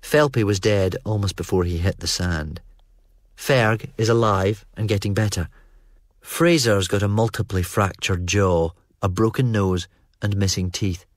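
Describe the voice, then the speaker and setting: A man narrating a first-person novel as an audiobook, in a steady, even storytelling manner. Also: fairly low pitch, measured pace, dry recording, studio quality.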